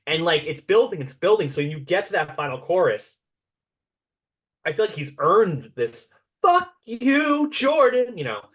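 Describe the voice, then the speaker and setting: A man co-hosting a podcast, telling stories in a rambling, animated way with lots of fillers. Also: on the high side, normal speed. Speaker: podcast co-host. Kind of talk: casual chat.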